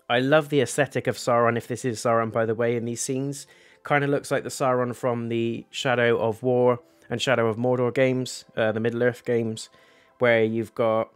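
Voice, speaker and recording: A man's voice: mid-range voice, clean tone. A young man giving a casual, rambling review of a TV episode, talking candidly and swearing now and then.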